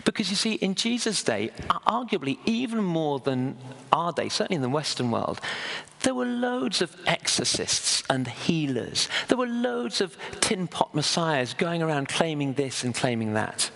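A man gives a sermon with a slightly raised pitch and a gravelly edge. He talks in a chatty, storytelling way, pausing and restarting now and then. His voice rings out with the long echo of a church hall. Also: big pitch swings, fairly bright tone. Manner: conversational, storytelling, with hesitations. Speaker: preacher.

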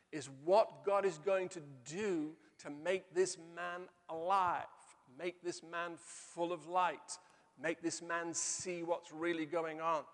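A middle-aged male pastor preaching a sermon, telling stories and slowing down to stress key phrases. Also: fairly high pitch, gravelly, fairly bright tone. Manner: storytelling with slow emphatic pauses. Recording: long hall reverb.

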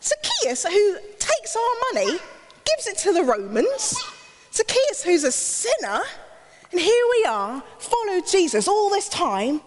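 A woman's voice: very high-pitched, wildly swooping pitch, unhurried, voice pushed up, full character voice. A woman voicing a jeering crowd of townspeople, indignant and complaining.

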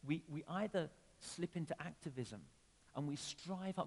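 A man delivering a sermon in a slightly higher voice than most men. He swings between emphatic, raised phrases and quiet asides. The sound rings with the long reverb of a church hall. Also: moderate pace. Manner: conversational with emphatic rises and sudden drops. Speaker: preacher.

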